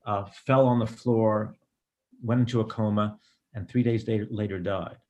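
A middle-aged man, a screenwriter, giving reflective interview answers in a thoughtful, digressive way with many pauses and ums. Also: fairly low pitch, steady tone, a little mellow. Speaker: screenwriter and director.

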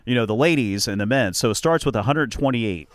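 A man hosting a podcast, telling stories in a chatty, animated way and laughing often. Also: medium pitch, brisk. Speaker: podcast host. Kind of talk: casual chat.

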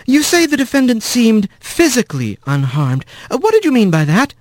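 A man's voice: very high-pitched, huge pitch swings, normal speed, no echo, pitched above the performer's own voice, heavily acted. A man voicing a young female mouse lawyer who asks careful, pointed questions. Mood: probing.

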